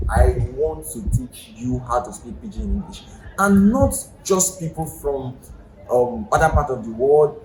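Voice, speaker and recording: A man's voice: medium pitch, darkish tone. A man with a Nigerian accent, teaching a language lesson in a chatty, explanatory way and asking the viewer questions. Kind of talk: casual video lesson. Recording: echoey room with faint ambient noise.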